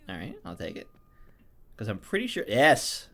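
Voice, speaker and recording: A man's voice: fairly low pitch, huge pitch swings, moderate pace. A man casually co-hosting a game let's play, joking around and trailing off mid-thought. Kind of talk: casual gameplay commentary.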